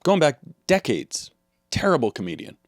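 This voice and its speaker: Guy riffing deadpan on a comedy podcast, bouncy delivery, dry close mic. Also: mid-range voice, normal speed, no echo. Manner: deadpan, riffing on fake products. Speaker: podcast co-host. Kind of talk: improvised comedy banter.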